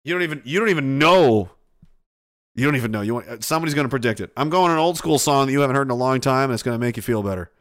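A man's voice: mid-range voice, animated, racing, fairly bright tone. A man hosting a reaction video, rambling and joking with casual profanity.

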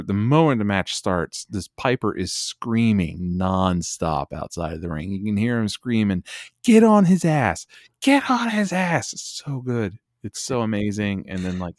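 Co-hosting a wrestling podcast, this man chats with casual enthusiasm, frequently restarting his sentences. His voice is low, and the studio recording is clean with no echo.

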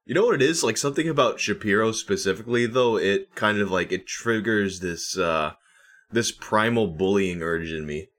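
A man in a casual podcast chat, speaking haltingly and making dry jokes. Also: fairly low pitch, a bit bright.

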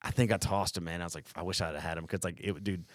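A man's voice: sits low, fairly even intonation, fast talker, no echo, studio quality. A man in his thirties hosting a casual podcast chat, telling a rambling army story full of swearing. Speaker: podcast host.

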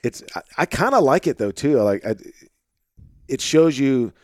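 A man hosting a podcast with an Arkansas-tinged Midwestern accent, chatting in a relaxed, rambling way full of fillers, recorded in a home office. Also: mid-range voice, moderate pace, dry recording, studio quality. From St. Louis, Missouri. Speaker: podcast host. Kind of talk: casual conversation.

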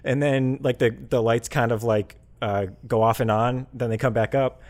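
A man on a casual podcast about video games, retelling a game scene with lively acted-out quotes. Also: medium pitch, moderate pace. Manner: animated storytelling, acts out quoted characters. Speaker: podcast co-host.

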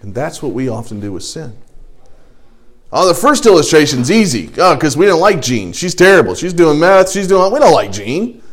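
A man's voice: on the high side, sing-song, moderate pace. A middle-aged man leading an adult Bible study in a casual sermon style, telling stories and acting out inner voices. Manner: conversational storytelling with acted inner voices.

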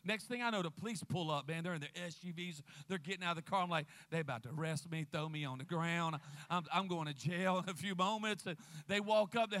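A man preaching a sermon as a guest pastor, lively, calling out to the congregation. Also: sits high, quick pace. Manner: lively preacher, calls out to the crowd.

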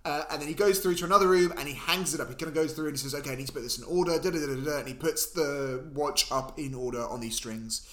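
Sarcastic male podcast co-host, rambling, high-pitched. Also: fast, hardly any pauses, fairly bright tone. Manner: sarcastic, rambling, goes off on tangents. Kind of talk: casual movie recap chat.

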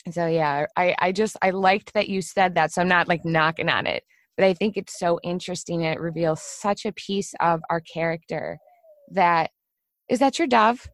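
A woman's voice: on the low side, moderate pace, dry recording. A middle-aged woman hosting a casual podcast conversation. She tells her stories with energy and acts out the voices she quotes. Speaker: podcast host.

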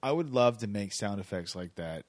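A man's voice: fairly low pitch, expressive, normal speed, darkish tone, no echo. A young man hosting a podcast, joking and self-deprecating in casual banter with a friend. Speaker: podcast host.

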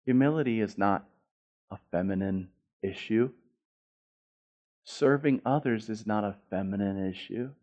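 A middle-aged man, a pastor, preaching a sermon, telling stories with repeated words and restarts, swinging from loud to hushed. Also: fairly low pitch, measured pace, long pauses, dull audio.

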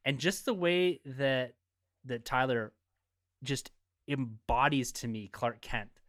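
A man co-hosting a podcast, chatting casually, agreeable and quick to laugh. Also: mid-range voice, no echo, clean studio sound. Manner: lively, agreeable, laughs often. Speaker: podcast co-host. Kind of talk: casual chat.

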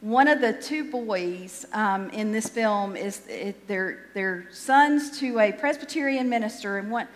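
A woman's voice: medium pitch, unhurried, few pauses, long reverb tail. A woman pastor giving a sermon in a conversational, self-deprecating way, often restarting her sentences.

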